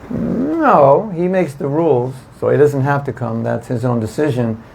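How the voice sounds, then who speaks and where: Man, devotional class, gravelly voice, conversational, faint background hiss. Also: mid-range voice, animated, a little slow, a little mellow, poor audio. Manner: conversational, asks the audience questions, emphatic repetition. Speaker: spiritual teacher giving a class. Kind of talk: informal devotional lecture.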